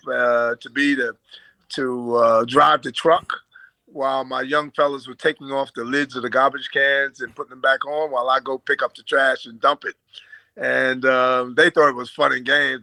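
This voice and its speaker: A former basketball player from Brooklyn, New York, now older, shares stories as an interview guest in an American accent lightly tinged with Australian twang. His mid-range voice is gravelly but bright, with a flat delivery at a moderate pace, and he stays chatty and easygoing with fillers and chuckles. The close recording is dry and of poor quality.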